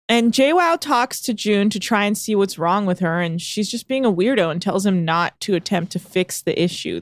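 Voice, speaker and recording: A woman talks through a reality show recap in a loose, sarcastic podcast chat. She leans on filler words and quick asides. The sound is dry and close. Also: medium pitch, no room sound. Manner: chatty, sarcastic, lots of "like". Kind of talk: casual chat.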